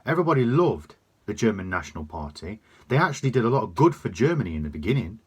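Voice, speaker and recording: A man's voice: on the low side, very animated, fast, husky. A man delivering a sweary, emphatic opinion rant to camera. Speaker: vlogger.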